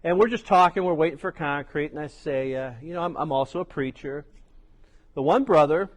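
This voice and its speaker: A man's voice: on the high side, brisk. A middle-aged man preaching a sermon as pastor, telling stories with chatty asides. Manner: storytelling, conversational asides.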